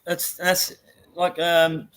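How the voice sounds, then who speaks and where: A man's voice: on the high side, completely flat delivery, drawn-out words, a bit bright, smooth. A man with an Australian accent chatting casually, laid-back and rambling with lots of fillers. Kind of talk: casual chat.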